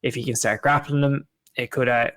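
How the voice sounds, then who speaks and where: A rambling man in casual podcast talk, with a middle-pitched voice. He often restarts his sentences and swears offhandedly. The sound is dry and close. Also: steady tone, fairly quick, fairly bright tone, no echo. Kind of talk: casual chat.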